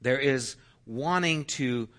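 Male pastor, middle-aged, bright forceful tone, chatty storytelling sermon. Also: medium pitch, slow. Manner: conversational, anecdotal, with self-deprecating humor.

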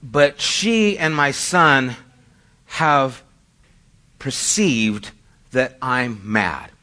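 A man's voice: mid-range voice, extremely slow, pushed and bright. A middle-aged male pastor preaching a sermon in a conversational, storytelling way, poking fun at himself. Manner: conversational storytelling with self-deprecating asides.

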